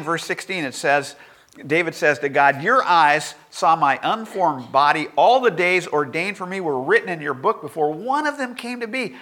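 A man's voice: sits high, bright, forceful tone. A middle-aged male pastor preaching a sermon in a conversational way, with humorous asides.

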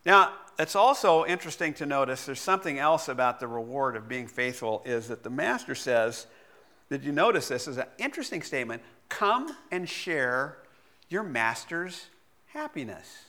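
A middle-aged man, a pastor, preaching a sermon and telling a personal story in a lively way, laughing often. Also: mid-range voice, brisk.

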